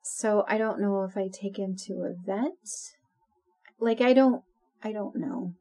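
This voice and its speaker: Woman, podcast co-host, casual chat, unhurried delivery, soft dark tone, laughs a lot. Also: mid-range voice. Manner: chatty, laughs often.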